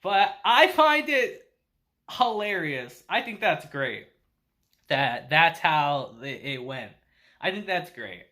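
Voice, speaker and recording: Chatty young male reviewer, bright tone, animated pitch, laughs and swears. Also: takes it slowly. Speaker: anime reviewer. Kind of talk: casual video review.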